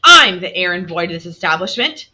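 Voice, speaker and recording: A woman voicing an eager, cheerful young man, speaking briskly. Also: on the low side, big pitch swings, bright, forceful tone, full character voice.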